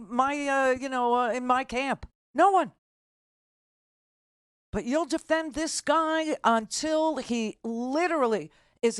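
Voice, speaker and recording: A woman's voice: sits high, no echo, clean studio sound. A middle-aged woman hosting a political talk radio show, combative and exasperated as she argues with callers' claims.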